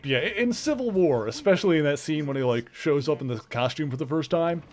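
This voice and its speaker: A man's voice: a little high, animated, fast. A man with a mild Canadian accent, chatting casually while streaming a game, rambling with lots of fillers and restarts. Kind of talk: casual chat while gaming.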